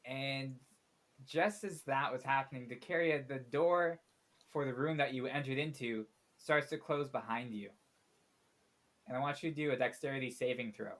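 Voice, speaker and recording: A man's voice: medium pitch, normal speed, a bit bright. A man narrating as game master in a tabletop role-playing podcast, laid-back and chatty. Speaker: dungeon master.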